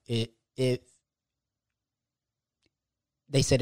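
A man's voice: mid-range voice, fairly even intonation, slow, pauses often, a little mellow, dry recording, studio quality. A young man hosting a solo podcast, talking casually and conversationally, often restarting his sentences. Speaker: podcast host.

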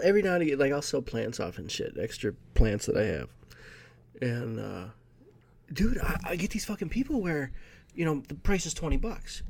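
A married man in casual podcast chat, joking and swearing, who gets animated when telling a story. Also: a little high, a little hiss or hum.

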